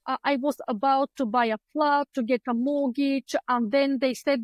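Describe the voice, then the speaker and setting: High-voiced woman with Eastern European accent. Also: fairly even intonation, normal speed, few pauses, dry recording, rough recording. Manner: chatty, acts out her own past thoughts, many fillers. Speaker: guest, clinical psychologist. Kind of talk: conversational interview storytelling. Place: home room lined with books. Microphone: video call.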